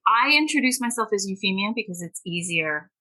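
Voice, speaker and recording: On this podcast interview, a middle-aged guest author from Canada tells animated stories, laughs frequently, and performs the voices of those she quotes. She speaks a little fast at a medium pitch, sounding bright, forceful, and animated, though the recording is poor.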